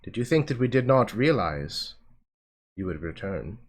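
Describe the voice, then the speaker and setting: A man's voice: on the low side, very animated, slightly rough. A man doing a stern, reproachful old priestess. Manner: cold, measured, reproachful. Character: stern, defiant older priestess.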